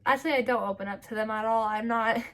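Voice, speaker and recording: A woman's voice: a little high, steady tone. Tearful, breathless young woman confiding. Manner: halting, full of fillers and restarts. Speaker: vlogger. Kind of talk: personal confessional vlog.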